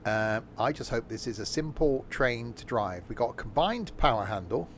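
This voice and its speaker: A hoarse man chatting casually as he streams a train game, rambling with plenty of fillers and self-corrections. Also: mid-range voice, animated, normal speed, a bit bright, slight background noise. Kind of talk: casual live-stream commentary.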